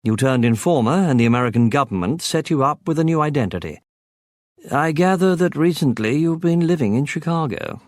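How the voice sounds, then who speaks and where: A man's voice: fairly high pitch, sing-song, moderate pace, no echo, studio quality, voice pushed up. A man voicing a suave upper-class English male intelligence agent with a breezy, mocking manner in an audiobook. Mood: placid. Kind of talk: audiobook character voice.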